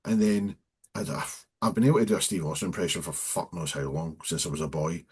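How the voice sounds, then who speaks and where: Scottish guy, 30s, low husky voice, swears a lot telling stories. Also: brisk, a little mellow. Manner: blunt, sweary storytelling. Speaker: guest, professional wrestler. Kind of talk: casual chat.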